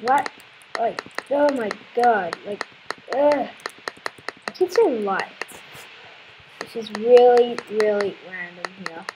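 A woman's voice: a little high, lively intonation, slow, pauses often, noisy background. A woman playing a video game, commenting casually and exclaiming in frustration with repeated words. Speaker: let's play gamer.

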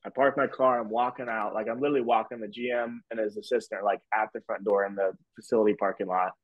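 A man's voice: fairly low pitch, steady tone, fast, dry recording. Young man rambling through a story. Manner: loose and rambling, heavy on fillers like "like" and "whatever". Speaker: podcast guest. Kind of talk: casual storytelling. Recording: dull lo-fi, dry sound.

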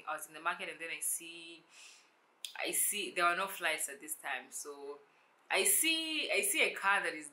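A young woman telling a storytime vlog, animated and acting out the dialogue in shifting voices. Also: on the low side. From South Sudan. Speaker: YouTuber.

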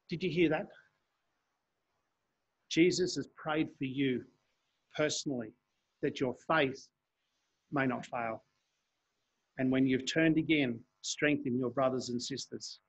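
A man's voice: mid-range voice, slow, long pauses, breathy edge, dull audio. A man preaching a sermon in a church, reading scripture aloud and explaining it earnestly.

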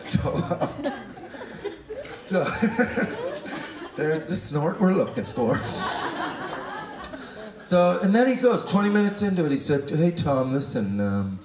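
A Canadian man in his forties works a comedy stage with a bright, high voice that leaps around. He rambles profanely, drops to mutters and then bursts into shouts. The sound is roomy and a little distant, with a loud crowd laughing behind him. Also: very animated, slow, pauses often. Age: 40s. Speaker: stand-up comedian. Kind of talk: stand-up comedy set. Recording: roomy live venue, mic off-axis, loud crowd laughter. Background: audience laughing.

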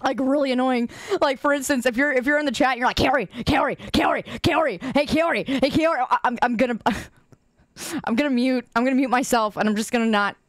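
A woman's voice: sits high, steady tone, a little fast, dry recording. A woman streamer chatting casually with her viewers, teasing and laughing often.

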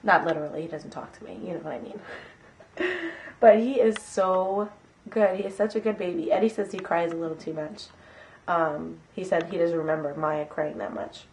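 A woman's voice: fairly low pitch, moderate pace, a little mellow, slight background noise. A mother vlogging at home, coaxing her baby in sing-song baby talk and chatting to the camera. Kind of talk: casual vlog chat.

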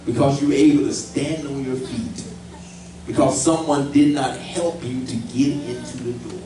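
A man preaching a sermon as pastor, building to loud shouted peaks and calling on the congregation to answer. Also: mid-range voice, heavy reverb, recorded from a distance, slight background noise, rough recording. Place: church sanctuary.

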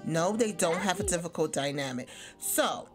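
An animated woman commenting casually on her game, her pitch rising and falling freely. She chats and laughs as she plays, with faint music in the background. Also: normal speed. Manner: chatty, animated, laughs often. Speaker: gaming YouTuber. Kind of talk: casual let's play commentary.

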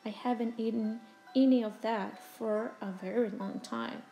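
A woman voicing a big, gentle, friendly male dinosaur in a storybook, with a calm, kindly delivery. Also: fairly high pitch, a little slow, faint music behind.

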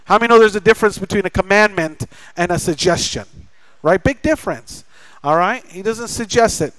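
Man, pastor, sermon, high voice, dry close sound. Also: fairly quick, a bit bright, no room sound, poor audio. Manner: storytelling with acted-out family dialogue; jokey, chatty with the congregation. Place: church sanctuary.

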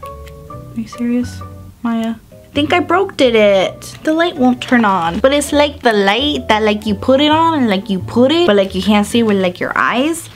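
A woman's voice: fairly high pitch, lively intonation, normal speed, faint music behind. A young woman hosting her own vlog, gushing and gasping through a casual unboxing chat, full of fillers. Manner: bubbly and gushing, gasping often, filler-heavy with "like". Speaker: vlogger host.

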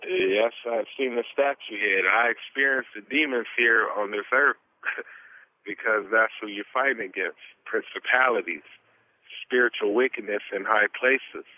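Guy on a phone line telling his near-death story, earnest and animated, sounds tinny. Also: lowish voice, normal speed. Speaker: interview guest. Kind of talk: testimony in a phone interview.

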